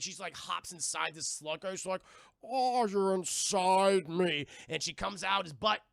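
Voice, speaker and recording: Brief: a gravelly, sharp-voiced male streamer, casual and profane, reviewing cartoons for his chat. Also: a little high, dry recording, clean studio sound. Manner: profane, rambling, talks to chat. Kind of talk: casual livestream episode recap.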